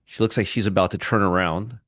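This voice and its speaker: A man's voice: low voice, steady tone, fairly quick, fairly bright tone, no echo, studio quality. A middle-aged man hosting a casual trading livestream, rambling and greeting viewers one by one by name, with frequent restarts. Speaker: trading show host.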